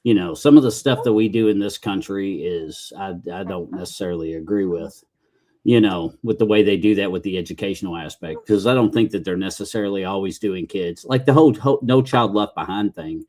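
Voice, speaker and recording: A middle-aged man chats on his podcast in a lowish voice. He rambles folksily, restarting his sentences and dropping mild curses as he goes. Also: a little fast, dark tone. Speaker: podcast host. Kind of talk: casual podcast chat.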